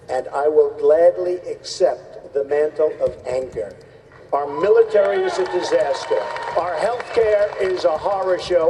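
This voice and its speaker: A man's voice: fairly high pitch, warm tone, a little hiss or hum. A man running for president, giving blunt, repetitive, conversational debate answers. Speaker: presidential candidate. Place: large debate hall on stage. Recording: distant mic in reverberant hall.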